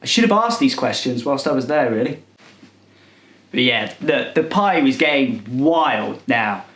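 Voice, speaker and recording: A man playing a clueless millennial partygoer who rambles and misuses slang in a deadpan comedy monologue. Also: mid-range voice, measured pace, roomy sound. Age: 20s. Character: clueless self-styled cool male millennial partygoer. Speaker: comedy character.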